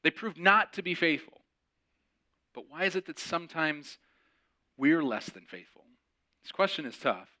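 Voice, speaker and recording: A man with a bright, ringing voice that sits a little high, telling a story for a podcast sermon. He acts out the voices of everyone in the story, so his pitch swings up and down with a lot of life. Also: moderate pace, pauses often. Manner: animated, acts out quoted voices. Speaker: podcast host and preacher.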